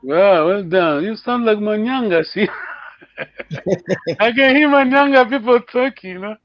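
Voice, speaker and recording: A man's voice: high voice, expressive, a little slow, dry recording, highs cut off. A man teaching a live online language lesson, encouraging learners and repeating words for them to copy.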